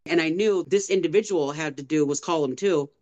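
A woman's voice: sits low, a little fast. Earnest woman telling a personal testimony. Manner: earnest storyteller, animated retelling with occasional laughs. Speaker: guest.

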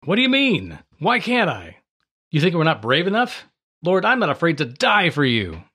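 A man's voice: fairly high pitch, very animated, fairly quick, a bit bright, slightly rough, voice pushed up, heavily acted. A man voicing an impulsive disciple, protesting in a raised, eager voice. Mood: insistent. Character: earnest impulsive male disciple, adult.

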